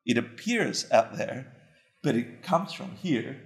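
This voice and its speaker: A man's voice: medium pitch, expressive, takes it slowly, gravelly. A man giving an informal dharma talk, conversational and self-mocking, often asking his listeners questions. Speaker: dharma teacher. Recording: echoey room.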